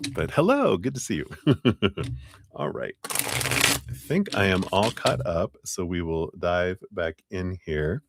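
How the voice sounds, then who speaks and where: A man's voice: deep voice, slow pace, creaky, a bit bright. A man hosting a live tarot stream, chatting casually with viewers and reading cards in a rambling way full of fillers and easy laughter. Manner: chatty and rambling, many "you know" fillers, laughs often. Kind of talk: casual livestream chat and card reading.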